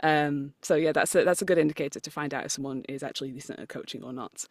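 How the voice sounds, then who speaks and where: A woman's voice: deep voice, fast talker, darkish tone, dry recording. A British woman, a voice actor and coach, talking casually as a podcast guest, chatty and self-deprecating, laughing often and stumbling over her lines. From United Kingdom. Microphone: remote call recording.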